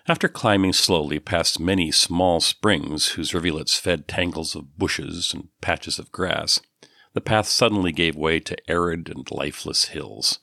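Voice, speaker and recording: A man narrating an audiobook in a measured, descriptive way. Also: very deep voice, gravelly, sharp tone, no echo, clean studio sound. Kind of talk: scripted narration.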